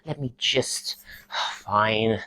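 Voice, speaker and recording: A woman voicing a reluctant, awkward drama student who mumbles flatly. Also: low voice, measured pace, voice pushed up.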